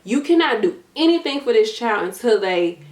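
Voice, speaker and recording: A woman's voice: fairly high pitch, very animated, normal speed, darkish tone. Tired woman vlogging study tips, blunt matter-of-fact, says y'all and gonna, echoey room. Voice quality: matter-of-fact, direct, coaching tone. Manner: casual, uses y'all and gonna, repeats herself for emphasis. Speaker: nursing YouTuber giving study advice. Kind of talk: casual advice vlog.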